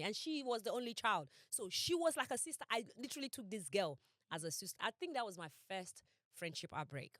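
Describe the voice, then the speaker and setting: A young woman tells a personal story on a podcast, animated and emphatic. She acts out what people said with big dramatic swings in her voice. The sound is dry and close. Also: fast talker, dry recording. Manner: animated, emphatic, quotes herself and others with dramatic pitch swings. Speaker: podcast co-host. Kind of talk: casual storytelling chat.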